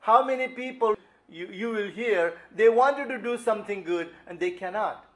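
A man's voice: high-pitched, moderate pace, low-quality recording. A man preaching a sermon, acting out quoted cries as he explains scripture. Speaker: pastor.

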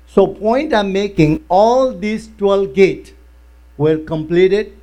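A male pastor preaching a sermon in non-native English, telling stories with lively, broken phrasing. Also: sits high, slow, dull audio. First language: not English. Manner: animated storytelling with broken grammar.

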